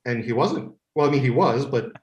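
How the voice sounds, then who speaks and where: A man, a guest in a podcast interview, tells stories about his show with plenty of enthusiasm and restarts. His voice sits at a middling pitch. The room around him is noticeably echoey. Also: animated, brisk, darkish tone, highs cut off. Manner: enthusiastic storytelling, many restarts. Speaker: guest, creator of an animated series.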